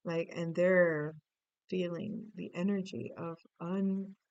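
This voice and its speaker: Smooth-voiced woman giving a rambling reading. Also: on the low side, steady tone, slow pace, a little mellow, lo-fi sound. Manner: rambling, many fillers and restarts, swearing, laughs often. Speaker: tarot reader. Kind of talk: casual spoken reading.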